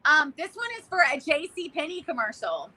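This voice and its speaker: A woman's voice: high voice, brisk. A woman co-hosting a casual live chat, an actor who talks animatedly and teases her co-host. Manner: animated, teasing, performs voices for others. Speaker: actor auditioning.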